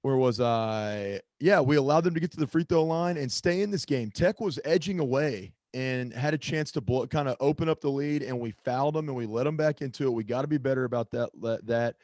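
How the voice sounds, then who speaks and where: A man's voice: mid-range voice, brisk, few pauses, darkish tone, no echo. A man co-hosting a casual sports podcast, rambling and often stopping to search for a name or lose his thread. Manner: rambling, self-interrupting, loses his train of thought. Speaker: podcast co-host.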